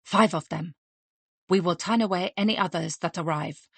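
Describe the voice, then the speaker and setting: A woman's voice: on the low side, vocal fry, slightly rough, no room sound. A woman voicing a willowy, courtly male restaurant manager who speaks in a formal, decorous way. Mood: grave. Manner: formal, decorous, measured speech.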